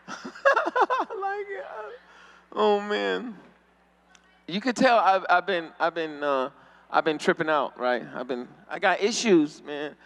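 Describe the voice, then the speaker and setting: A man's voice: high voice, very animated, slow pace, creaky, long pauses, a bit bright, in a large hall. A man doing a stand-up comedy routine, acting out the voices of people in his stories. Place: convention hall stage.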